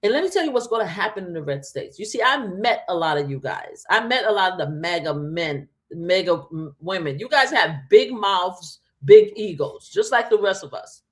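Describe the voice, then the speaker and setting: A woman's voice: lowish voice, lively intonation, normal speed, hardly any pauses. A woman hosting a live stream, giving emphatic, repetitive commentary straight to her viewers from a home setup. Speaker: livestream host.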